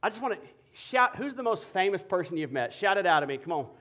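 A male pastor preaching a sermon to his congregation, animated, swinging from loud exclamations to a hushed prayer. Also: high voice, quick pace. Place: church sanctuary before a congregation.

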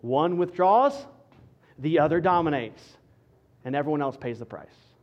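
A male pastor preaching a sermon with an emphatic, repetitive rhetorical cadence that drops to quiet for stress. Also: on the high side, expressive, measured pace, dull audio.

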